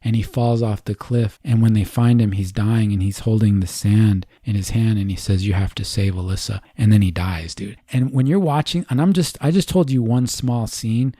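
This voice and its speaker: A man's voice: on the low side, normal speed, hardly any pauses, no echo, studio quality. A man co-hosting a casual podcast, retelling a movie scene by scene and throwing in "dude" a lot. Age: adult parent. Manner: animated storyteller, says "dude" a lot. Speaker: podcast co-host.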